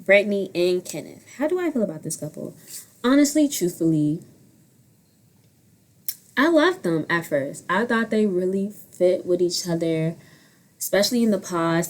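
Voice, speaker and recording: A woman in her twenties giving blunt, profane commentary on a reality dating show, jumping between loud outbursts and quiet asides. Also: medium pitch. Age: 20s. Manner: blunt, profane and animated, swinging loud and soft. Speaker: vlogger. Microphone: own handheld mic.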